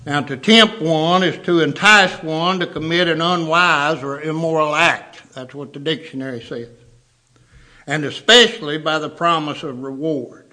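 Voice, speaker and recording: A man's voice: fairly high pitch, measured pace, bright, forceful tone. A man preaching a sermon, emphatic, repeating words for stress.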